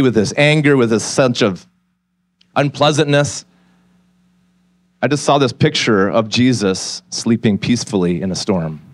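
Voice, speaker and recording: A pastor in his forties preaches from a church stage at an ordinary, mid-range pitch for a man. He tells his story in a candid, conversational way and then turns to an earnest appeal. The sound is dry and close, with very little room echo. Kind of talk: sermon.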